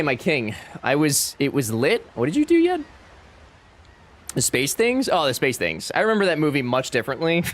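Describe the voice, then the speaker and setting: A man's voice: medium pitch, a bit bright. A young man streaming a game live, chatting casually and animatedly with his chat and friends, swearing freely.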